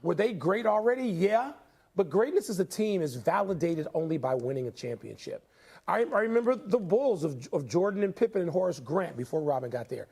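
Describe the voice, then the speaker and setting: A man with a gravelly, husky voice giving reflective, emphatic basketball commentary. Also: sits high, sing-song, a little fast, darkish tone. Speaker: basketball analyst. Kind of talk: sports commentary.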